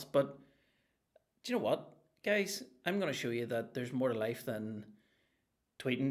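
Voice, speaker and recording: Speaking at normal speed and medium pitch with big pitch swings and frequent pauses, a man runs his solo comedy podcast from a home room with a green screen. He jokes, rambles and swears constantly.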